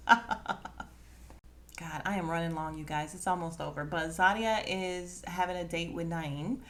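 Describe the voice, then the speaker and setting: A woman hosting a podcast, recapping a reality dating show in a sassy, animated way. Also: fairly low pitch. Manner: sassy, animated, quotes cast members with attitude. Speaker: podcast host.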